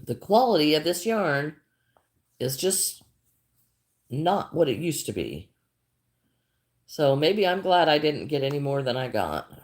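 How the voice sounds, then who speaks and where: Older lady doing a craft livestream, kinda low voice, chatty, says hi to everyone. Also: sing-song, measured pace, pauses often, a little mellow. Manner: chatty, greets viewers by name, repeats herself. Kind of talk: casual livestream chat while crocheting.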